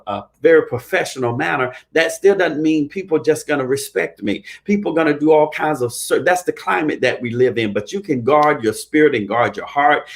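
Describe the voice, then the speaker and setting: A credit repair consultant with a fairly high-pitched voice talks to his viewers casually and emphatically, alternating between preaching and joking.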